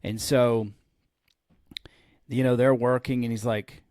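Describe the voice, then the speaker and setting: A man of ordinary pitch hosts a podcast as a pastor, telling a long story in a relaxed, chatty way. He acts out the lines of the people in it as he goes. His voice sits close to the mic in a dry, dead room. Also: slow pace, dry recording. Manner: animated storyteller who acts out quoted lines. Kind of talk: storytelling in casual podcast chat.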